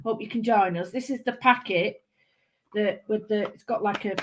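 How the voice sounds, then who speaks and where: A woman with a Manchester accent hosting a live craft stream, chatting warmly to viewers and greeting them by name. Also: mid-range voice, fairly even intonation, moderate pace, noisy background. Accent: Mancunian. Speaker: craft channel host.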